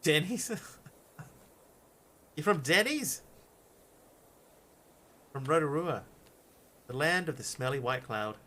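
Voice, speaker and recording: A man's voice: a little high, sing-song, slow pace, long pauses, bright, forceful tone. A man streaming a game live, chatting casually, thinking aloud and answering his viewers as he plays.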